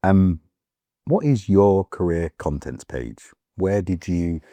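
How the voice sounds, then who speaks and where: A man's voice: sits low, animated, takes it slowly, dark tone, no echo. A man hosting a podcast, joking around easily before asking his guest questions. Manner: joking, easygoing banter. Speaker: podcast host. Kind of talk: casual podcast interview.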